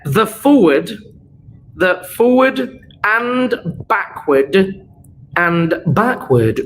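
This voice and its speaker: A man's voice: sits high, fairly bright tone, slight background noise, rough recording. A young man teaching an exam revision lesson, playful and jokey, walking through answers and checking that his students follow along. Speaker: chemistry teacher.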